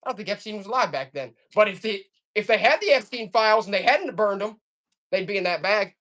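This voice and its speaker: A woman selling items on a live stream auction in fast, joking, hyped-up sales patter, coughing now and then. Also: medium pitch, animated, a bit bright. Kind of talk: casual live selling banter.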